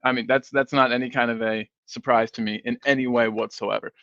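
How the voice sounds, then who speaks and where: A man's voice: medium pitch, steady tone, brisk, a bit bright, no echo. A sleepy man hosting a fan live stream, rambling casually and reading viewer comments aloud. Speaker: fan channel host. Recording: dull, dry stream audio.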